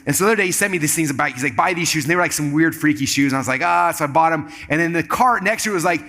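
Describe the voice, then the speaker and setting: A man tells a rapid-fire story from the stage to a live crowd. His voice sits somewhat high and rings bright and forceful. He keeps slipping into other people's voices as he acts out what they said. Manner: animated, acts out quoted dialogue in shifting voices. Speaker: keynote speaker. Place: live event stage with audience.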